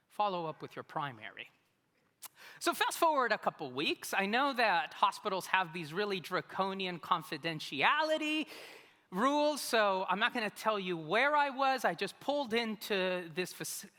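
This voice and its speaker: Male pastor, animated and humorous preacher, very expressive pitch, echoing sanctuary. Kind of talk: sermon. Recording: long reverb of a large hall.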